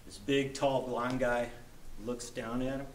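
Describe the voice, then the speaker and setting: A man giving a speech to a gathering, telling a story in a folksy, animated way that drops low for suspense and rises into rousing calls. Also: measured pace, slight background noise. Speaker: rally speaker. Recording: echoey room, voice heard from a distance.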